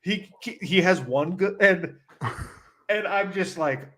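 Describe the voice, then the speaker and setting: A man co-hosting a podcast, telling a story in a casual, animated way and leaning on "like" as he talks. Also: sits high, slow pace. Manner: animated storyteller, heavy use of "like". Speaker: podcast co-host.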